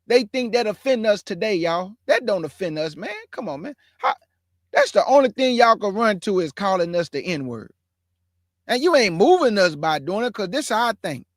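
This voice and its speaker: High-voiced man ranting to viewers. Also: expressive, fairly bright tone, no echo, studio quality. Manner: emphatic and repetitive, drawn-out words. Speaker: online show host. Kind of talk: live commentary to viewers.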